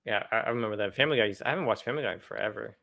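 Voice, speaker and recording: Young male co-host, bright tone, easygoing chatter, quick laughs. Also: on the low side, vocal fry. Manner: relaxed, chatty, laughs often. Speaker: co-host of a card collecting show. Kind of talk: casual chat.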